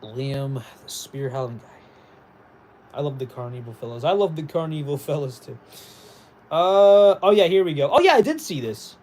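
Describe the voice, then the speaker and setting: Brief: upbeat male streamer, slightly high voice, jumpy, reacts to chat. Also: normal speed, a little hiss or hum. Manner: animated, reads chat aloud, excitable bursts. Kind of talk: casual livestream chat.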